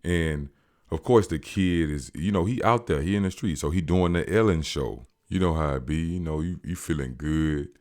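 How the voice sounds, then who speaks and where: Low voiced guy recapping a show, real animated. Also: moderate pace. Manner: animated, slangy, acts out quotes. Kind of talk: casual storytelling recap.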